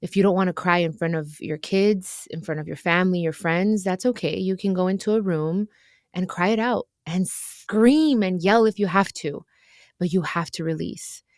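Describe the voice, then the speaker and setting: Woman advice podcast host, earnest and emotional, lowish voice, dry close sound. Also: moderate pace, dry recording. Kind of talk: heartfelt advice chat.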